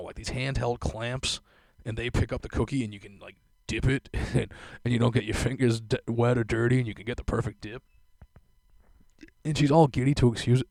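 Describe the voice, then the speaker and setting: A young male podcast host with a mid-range voice goes on a profane, laughing rant during casual chat. He tells the story with animation, speaking close to a dry mic in a dry recording.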